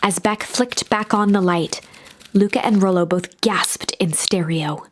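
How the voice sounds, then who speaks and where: A woman's voice: medium pitch, a little slow, slight background noise. Woman narrating a game story.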